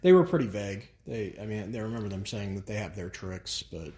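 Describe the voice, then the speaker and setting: A man's voice: fairly low pitch, lively intonation, a little fast, warm tone. A man in his thirties co-hosting a podcast, telling the story casually in a blunt way and swearing now and then. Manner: blunt, swears casually, repeats words as he restarts. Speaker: podcast co-host.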